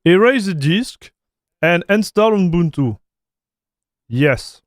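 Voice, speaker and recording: A man with a French accent chats casually on a live tech stream, taking his time and often trailing into fillers. His voice sits a bit high for a man. The sound is close and dry, with no room echo. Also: expressive, slow pace. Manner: loose and chatty, with many fillers and repeated words. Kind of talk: casual livestream chat while installing software.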